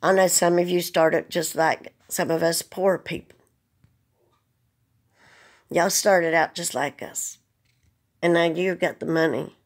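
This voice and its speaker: A vlogger speaks earnestly and plainly to the camera, fighting back tears as she pleads in an emotional direct message. Her voice sits lowish with a steady tone, and she goes slowly with long pauses.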